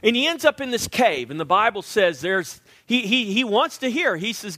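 Animated preacher man, lively pitch. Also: moderate pace, few pauses, dry recording, clean studio sound. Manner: animated preaching, dropping to hushed tones. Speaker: pastor. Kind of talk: sermon.

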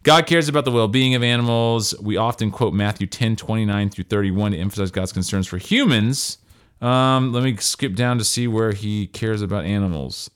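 A man with a fairly low voice co-hosts a casual podcast. He rambles in a chatty way and breaks off to read list items aloud. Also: moderate pace, clean tone. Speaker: podcast co-host.

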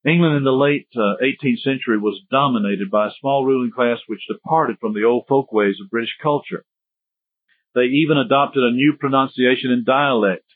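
A man's voice: mid-range voice, normal speed, no room sound. A man giving a history lecture in a conversational, digressive way with joking asides. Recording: tinny phone-like dry sound.

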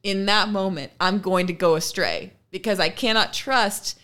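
A woman co-hosting a podcast in casual chat, earnestly explaining her ideas with quick asides. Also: medium pitch, fairly bright tone. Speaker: podcast co-host.

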